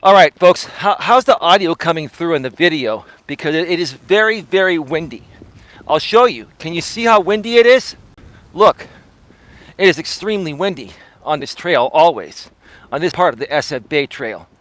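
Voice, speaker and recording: A man's voice: fairly high pitch, animated, moderate pace, fairly bright tone, no room sound. A man hosting a live-streamed coaching talk while walking a windy outdoor trail, speaking into a foam-windscreened mic near his face. He sounds conversational and preachy, tagging points with rhetorical questions. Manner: conversational and preachy, with frequent rhetorical "right?" tags. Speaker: personal development coach and live-stream host. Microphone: clip-on mic with a foam windscreen near the face.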